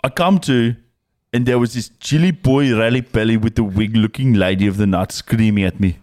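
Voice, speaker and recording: A man's voice: on the low side, moderate pace, a little mellow, close to an everyday voice. An Aussie man putting on a rowdy Afrikaans-accented rugby tourist. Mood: boisterous. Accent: Afrikaans South African, put on. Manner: boisterous, storytelling, reading a letter aloud. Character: rowdy young male South African rugby tourist. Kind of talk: comedic read-out in a put-on accent.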